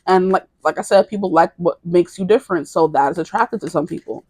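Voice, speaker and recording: A woman's voice: lowish voice, fast, darkish tone, breathy edge, dry recording. A woman in her twenties giving a casual tarot reading to camera, rambling, correcting herself and giggling. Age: 20s. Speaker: tarot reader.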